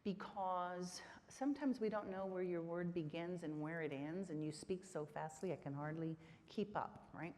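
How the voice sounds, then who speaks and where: A woman from Texas speaks at normal speed with hardly any pauses as she lectures on literacy teaching at a conference. Her voice is lowish and a little mellow, and she checks in with her audience by frequently asking "right?" The recording carries the hall's reverberation.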